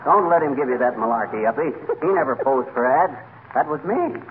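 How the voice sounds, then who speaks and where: An actor playing a boastful, blustering husband full of tall tales in a 1940s radio comedy. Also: male voice, medium pitch, lively intonation, brisk, close to an everyday voice. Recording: noisy tinny old radio broadcast.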